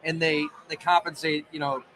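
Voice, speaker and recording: Male sports writer guest, slightly high pitch, rambling anecdotes, casual live chat. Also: level tone, moderate pace, sharp tone, poor audio. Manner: chatty, tells stories with asides. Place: pizza bar.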